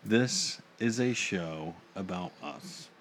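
A man's voice: low voice, slow pace, slight background noise. A man in his thirties co-hosting a casual podcast, laughing often and talking in a playful way. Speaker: podcast co-host. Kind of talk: casual chat.

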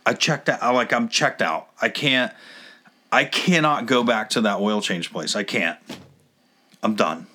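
A man's voice: lowish voice, a little slow, pushed and bright. Rambling, exasperated male storyteller. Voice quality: hard of hearing. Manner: rambling, exasperated, swears casually. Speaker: podcast co-host telling a story. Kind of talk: casual storytelling chat.

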